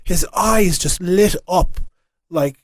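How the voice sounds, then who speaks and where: An Irish man who works at a radio station speaks in a high, slow voice, recorded dry in a radio studio. He tells an earnest story during a casual podcast chat.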